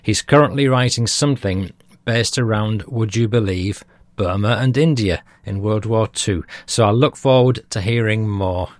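Chatty British podcast host, low voice. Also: male voice, moderate pace, no echo. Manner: chatty, chuckles at his own jokes. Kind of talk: reading listener feedback.

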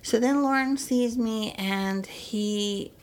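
An older woman telling stories in a casual, lively way, slipping into playful voices now and then. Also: fairly high pitch, slow pace, low-quality recording. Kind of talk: casual storytelling.

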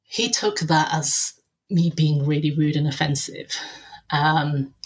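A woman, a podcast guest telling a personal story in conversation. She retells it lively, acting out what people said and often filling pauses with "um". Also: low voice. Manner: lively retelling, acting out quoted dialogue, frequent "um" and "I was like".

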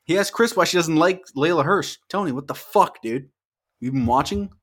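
A young man co-hosting a casual wrestling podcast, swearing freely and getting excited as he talks over his co-host. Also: on the high side, normal speed.

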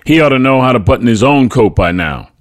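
A man voicing a stern, strict mother in a memoir reading, husky and curt. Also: mid-range voice, expressive, brisk, no room sound, studio quality, voice pushed up, close to an everyday voice. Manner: stern, barking.

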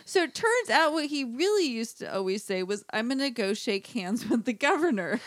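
A woman's voice: on the high side, big pitch swings, moderate pace, no echo. A middle-aged woman co-hosting a casual chat, rambling with lots of fillers and frequent giggles. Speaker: podcast co-host.

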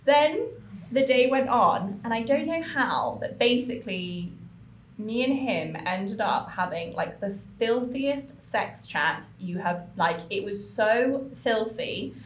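A young woman co-hosting a podcast, telling a story in an animated way, with lots of swearing and fillers. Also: a little high, takes it slowly, reverberant, a little hiss or hum. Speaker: podcast co-host. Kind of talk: casual chat.

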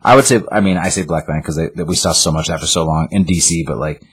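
A man co-hosting a casual podcast, recapping a comic in an animated, rambling way. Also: a bass voice, quick pace, a crowd in the background. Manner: animated, rambling, voices characters. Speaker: podcast co-host.

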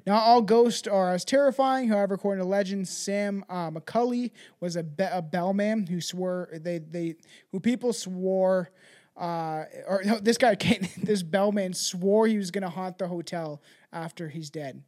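Animated, profane podcast host. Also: medium pitch, measured pace. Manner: animated, profane, jumps between voices and asides. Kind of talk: casual chat.

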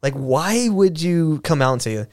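A man's voice: a little high, lively intonation, a little slow, a little mellow. A man hosting a podcast, talking in a loose, rambling way with restarts and fillers and plenty of swearing. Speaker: podcast host. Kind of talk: casual conversational commentary.

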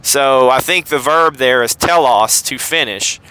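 Bright Southern-accented man explaining casually. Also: mid-range voice, unhurried, clear, resonant tone, rough recording. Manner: rambling, self-correcting, with many fillers. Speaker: podcast host. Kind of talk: casual teaching monologue.

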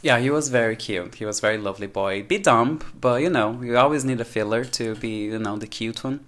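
A man guesting on a podcast in relaxed, gossipy chat, often saying "you know" and giving blunt verdicts. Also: mid-range voice, brisk.

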